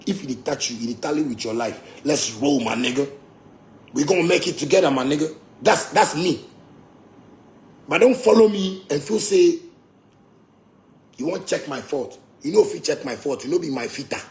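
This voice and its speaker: A man's voice: on the high side, normal speed, pauses often, darkish tone. A man with a Ghanaian accent, a musician ranting boastfully and with swearing, slipping into Pidgin. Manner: boastful, profane, mixes Pidgin. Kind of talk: heated rant.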